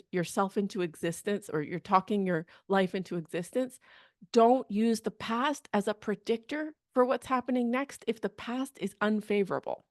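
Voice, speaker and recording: A woman career coach talking in a podcast monologue, energetic and chatty, often asking "okay?" and "right?". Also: fairly high pitch, dry recording, clean studio sound. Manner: energetic, chatty, acts out quoted people, frequent "okay?" and "right?".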